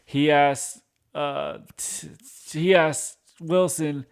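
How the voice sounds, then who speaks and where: Male recap host, unhurried, smooth tone, loose and rambling. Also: fairly high pitch, steady tone. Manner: rambling, frequent restarts and fillers. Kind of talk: casual episode recap.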